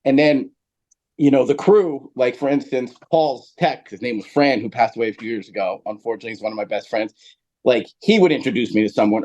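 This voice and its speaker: A man from New Jersey tells a long story as a podcast guest, rambling and animated, with lots of fillers. His voice sits at a middle pitch. The recording sounds a bit dull and lo-fi. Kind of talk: storytelling in casual chat.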